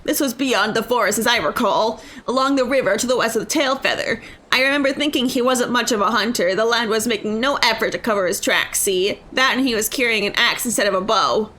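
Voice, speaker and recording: A woman's voice: fairly high pitch, a little fast, few pauses, sharp tone. A woman voicing an adult male scout in a video game, with a put-on British accent that keeps sliding toward Australian. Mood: recalling.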